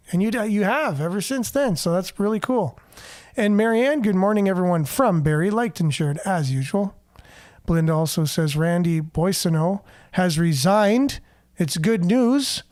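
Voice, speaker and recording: Chatty high-voiced radio host. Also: male voice, a little mellow, no echo, clean studio sound. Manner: chatty, upbeat, rambling. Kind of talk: casual morning show chat reading viewer comments. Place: radio studio.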